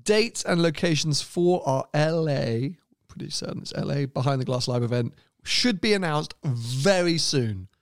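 A man's voice: a little high, animated, moderate pace, hardly any pauses, no room sound, studio quality. A man co-hosting a podcast, chatting casually and laughing often as he rambles through asides. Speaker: podcast co-host. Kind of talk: casual chat.

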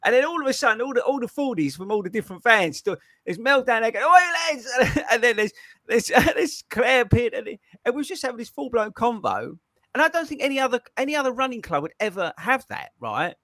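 A man hosting a running podcast, telling stories in an excitable, animated way. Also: extremely high pitch, fast, no room sound, clean studio sound. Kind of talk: casual chat.

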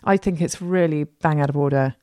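A woman's voice: sits low, a little fast, dark tone, no room sound, studio quality. A woman in her forties co-hosting a podcast, friendly and matter-of-fact, with affectionate slang in casual chat. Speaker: podcast co-host, interiors expert.

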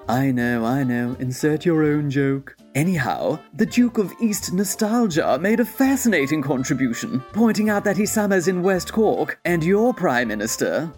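A man's voice: fairly high pitch, a little mellow. A man playing a condescending upper-class English lord with a plummy posh English accent, in a comedy sketch.

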